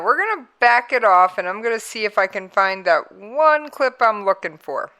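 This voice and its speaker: A woman hosting a talk radio show, commenting on played clips in a conversational, emphatic way with drawn-out pauses for effect. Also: medium pitch, sharp tone. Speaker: radio host.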